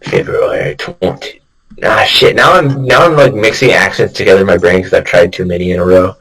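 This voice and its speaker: A man's voice: low voice, fast talker, vocal fry, a bit bright, husky, low-quality recording. A young man, a student voice actor, chatting casually during rehearsal and trying out lines aloud. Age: young adult.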